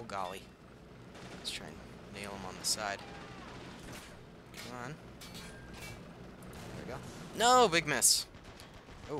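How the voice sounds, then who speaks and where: A young man casually commenting as he plays a war strategy game, reacting aloud and laughing at himself. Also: on the low side. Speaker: gaming channel host. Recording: faint game noise behind.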